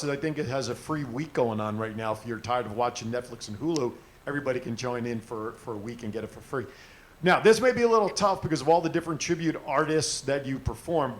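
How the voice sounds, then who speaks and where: A man hosting a casual live stream, asking long, jokey questions. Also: mid-range voice. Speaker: host.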